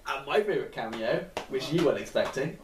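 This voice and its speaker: A man's voice: medium pitch, animated, quick pace. Rambling man in a casual film chat. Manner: rambling, swears casually, acts out quotes. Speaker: film reviewer. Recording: echoey room, mic at a distance, faint noise.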